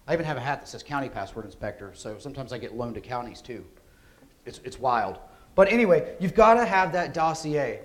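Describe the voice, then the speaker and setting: A man giving a security conference talk, energetic and conversational, often asking rhetorical questions. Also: mid-range voice. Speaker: conference speaker. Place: conference hall.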